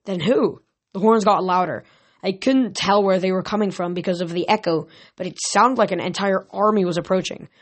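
A woman's voice: mid-range voice, steady tone, a little fast. Woman reading a novel aloud. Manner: reading with slips and restarts. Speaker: reader.

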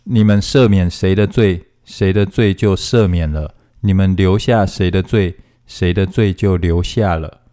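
Man, formal scripture reading, steady phrasing, lowish voice. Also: measured pace. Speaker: scripture reader.

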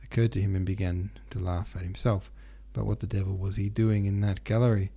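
A man's voice: low-pitched, level tone, a little fast, creaky, warm tone, slightly rough. A man narrating a classic novel as an audiobook, reading steadily with occasional stumbles and restarts.

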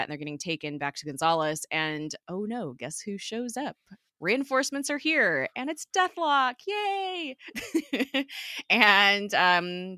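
A woman hosting a podcast, recapping a TV episode in a chatty way, full of fillers and quick giggles. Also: fairly low pitch, bright, forceful tone, dry recording, studio quality.

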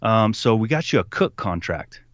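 A young man telling a story in casual conversation, animated, putting on voices for the people he quotes and laughing often. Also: on the low side, moderate pace, muffled recording. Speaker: podcast guest.

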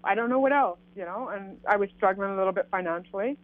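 A woman from Canada telling a personal story in a casual, animated way, acting out what people said. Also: medium pitch, fast talker, no echo. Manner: animated, acts out quoted dialogue. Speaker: guest telling her story. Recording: tinny phone line, dry.

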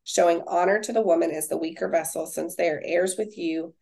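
A young woman with a lowish voice and a gravelly edge, co-hosting a casual faith-based chat. She reads scripture aloud, then talks it over with easy fillers. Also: steady tone, fairly quick, darkish tone. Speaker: podcast co-host.

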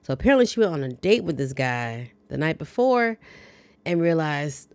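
A woman hosting a podcast chats through a movie recap with wry, dry jokes. Her voice is on the low side for a woman. The sound is dry and close, with no room echo. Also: big pitch swings, normal speed. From lives in the American South. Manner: chatty, wry, dryly joking. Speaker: podcast host.

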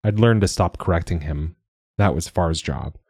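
Super deep dark-toned guy reading an audiobook, wry and measured, bone dry sound. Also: dry recording. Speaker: narrator. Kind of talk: first-person audiobook narration.

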